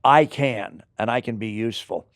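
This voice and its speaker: An older man, an actor being interviewed, telling rambling, animated stories in casual chat. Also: medium pitch, normal speed, no room sound, studio quality. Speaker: actor guest.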